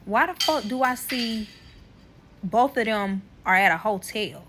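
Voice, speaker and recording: A woman's voice: medium pitch, a little slow, background noise. A young woman telling a heated personal story straight to her viewers, swearing freely and talking to them directly. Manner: profane, animated, addresses viewers directly. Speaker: TikTok creator.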